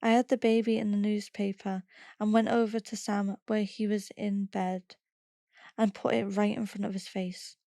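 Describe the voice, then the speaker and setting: A woman reading a first-person memoir aloud in a steady, plain storytelling manner. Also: medium pitch, moderate pace, creaky, dry recording, clean studio sound. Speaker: podcast reader.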